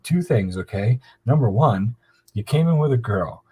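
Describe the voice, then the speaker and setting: A man voicing a big, sassy gay male bouncer, teasing and reassuring in a raised, lively voice. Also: medium pitch, moderate pace, slightly rough, rough recording.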